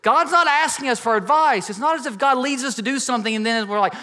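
Preacher, man in his 30s, bright tenor delivery, reverberant sanctuary. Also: very high voice, fast. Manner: emphatic preaching, acts out quoted voices. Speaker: pastor. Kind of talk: sermon. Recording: reverberant hall.

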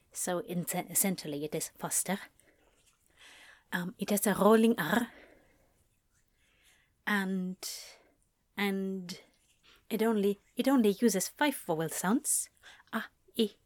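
A woman's voice: mid-range voice, no room sound. A woman, an audiobook narrator, thinking aloud at home as she plans character voices, rambling and correcting herself, often dropping into half-whispered asides. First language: German.

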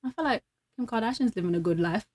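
A woman's voice: a little high, expressive, quick pace, darkish tone. Chatty woman telling stories. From London. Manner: chatty, storytelling, laughs often. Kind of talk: casual chat.

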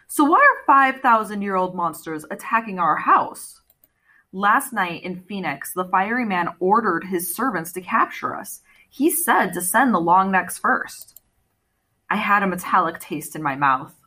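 A woman's voice: medium pitch, lively intonation, measured pace, bright, forceful tone. A woman reading a story aloud as audiobook narration, telling it expressively and acting out the characters' lines. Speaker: audiobook reader.

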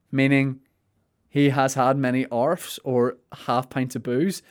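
A man's voice: mid-range voice, steady tone, normal speed, clean tone. A man, a comedian riffing playfully through a podcast monologue with plenty of swearing.

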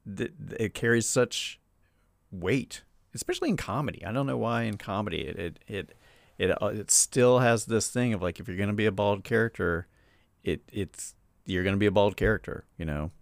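A man hosting a casual comedy podcast, halting and restarting as he talks, with a dry close sound. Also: lowish voice, gravelly, no echo. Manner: halting, restarts often, playful impressions. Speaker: podcast host.

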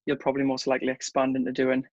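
Young male guest, relaxed and rambling, slightly muffled call audio. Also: mid-range voice, racing. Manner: laid-back, rambling, says "mate" a lot. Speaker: podcast guest. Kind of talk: casual podcast chat over a video call.

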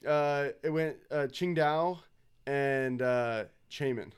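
A man's voice: mid-range voice, takes it slowly, smooth. A young man from Northern California telling easygoing stories in a casual chat. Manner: easygoing storyteller, laughs between lines. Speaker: conversation participant.

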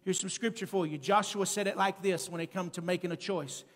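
Guy preaching high and loud, punchy, lots of hall echo, yells at the big moments. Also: steady tone, brisk. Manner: emphatic, builds to shouting peaks; calls to the congregation. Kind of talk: sermon. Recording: long church-hall reverb.

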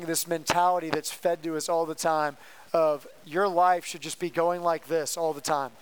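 A young man preaching a casual, conversational sermon to high school students as their youth pastor. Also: clean tone.

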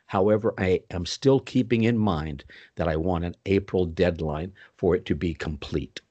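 An older man telling stories as an interview guest, animated, with sudden pitch swoops. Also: normal speed, husky, dull audio. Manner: puts on Southern voices for quoted people. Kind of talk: storytelling in a podcast interview.

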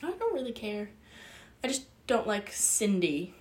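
A woman's voice: mid-range voice, big pitch swings, unhurried, darkish tone. A young woman co-hosting a podcast, laid-back and matter-of-fact in casual chat. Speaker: podcast co-host.

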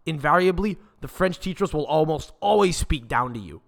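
A man's voice: fairly high pitch, lively intonation, normal speed, gravelly. Young man ranting, profane. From Quebec, Canada. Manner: swears constantly, rambling restarts. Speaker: podcast host. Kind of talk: casual profane rant.

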